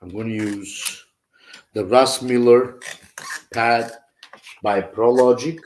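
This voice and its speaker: A man's voice: mid-range voice, fairly even intonation, slow pace, background noise. Chatty man teaching drums. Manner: chatty, scats drum patterns aloud. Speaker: drum teacher. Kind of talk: live online drum lesson. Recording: roomy, with drumming behind.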